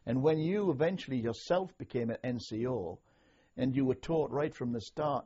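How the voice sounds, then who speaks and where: An older man from north-east England, an army veteran, recalling his service in a measured, anecdotal way for an oral history interview. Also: mid-range voice, mellow, husky. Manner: measured, anecdotal, slow when quoting orders. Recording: dull lo-fi recording.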